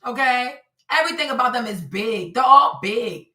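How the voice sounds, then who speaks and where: Animated woman streamer in echoey room. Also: fairly high pitch, normal speed, recorded from a distance. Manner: animated, repetitive, talks to her audience. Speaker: streamer commentator. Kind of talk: livestream commentary. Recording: roomy echo, voice a bit off-mic.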